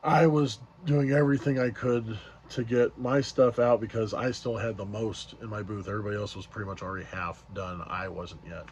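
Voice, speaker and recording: A man's voice: on the low side, steady tone, brisk, few pauses, darkish tone, dull audio, slight background noise. A man casually retelling an event as a vlogger, rambling along with many fillers and restarts. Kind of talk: casual storytelling recap.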